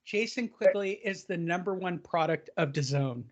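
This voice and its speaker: A man's voice: sits high, lively intonation, normal speed, no room sound. A man hosting a boxing podcast, joking around and swearing in casual chat. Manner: joking, self-mocking, crude. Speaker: podcast host.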